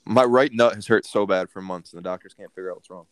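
A man's voice: fairly low pitch, fast talker, no echo. A young man co-hosting a casual podcast, joking crudely and swearing freely. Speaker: podcast co-host.

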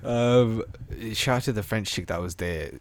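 A man telling travel stories on a podcast, animated and slangy, full of "bro" and "like". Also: lowish voice, normal speed, no room sound. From England. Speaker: podcast host. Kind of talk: casual storytelling chat.

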